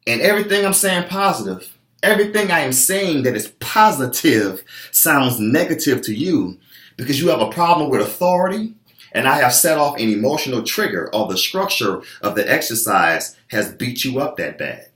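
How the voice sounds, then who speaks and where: A man's voice: medium pitch, expressive, moderate pace, a bit bright. A man giving a motivational fitness talk as a trainer, emphatic and preachy. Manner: emphatic, preachy, acts out clients' voices. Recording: echoey room.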